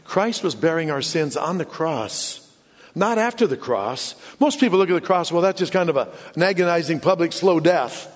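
A man preaching a sermon in an earnest way, often dropping to hushed low tones for emphasis. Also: lively intonation, moderate pace. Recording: long hall reverb.

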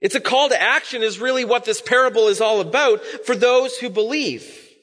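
Man, pastor, high bright voice, conversational sermon, long reverb in a church hall. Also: moderate pace. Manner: conversational storytelling preaching with asides.

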